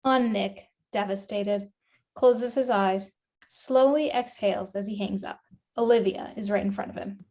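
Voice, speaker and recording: A woman reading screenplay stage directions in a brisk, matter-of-fact way. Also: medium pitch, darkish tone. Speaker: narrator reading action lines.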